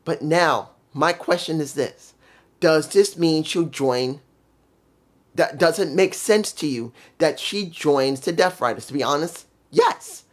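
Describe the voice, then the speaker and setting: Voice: medium pitch, slow pace. A wrestling show reviewer ranting heatedly and cursing freely in a casual review vlog.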